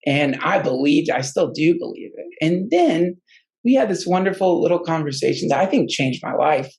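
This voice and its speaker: Gravelly man telling a halting story. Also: on the high side, big pitch swings, darkish tone, low-quality recording. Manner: halting and rambling, many restarts. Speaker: guest storyteller. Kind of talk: casual personal storytelling.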